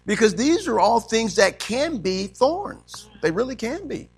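A man's voice: very high voice, sing-song, a little slow, gravelly, husky, faint music behind. A man preaching a sermon as pastor, asking the congregation questions and punctuating with frequent amens.

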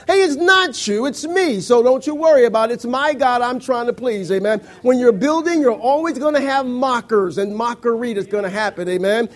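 Male preacher, high voice, sermon delivery, frequent amens, reads scripture slowly, acts out mockers in asides. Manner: acts out mockers and church members in quoted asides.

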